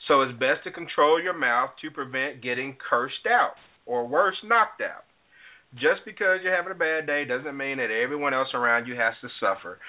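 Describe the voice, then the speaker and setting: A man hosting a call-in talk radio show, giving lively, lecturing commentary. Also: mid-range voice, moderate pace. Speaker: radio host. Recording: tinny phone-like sound.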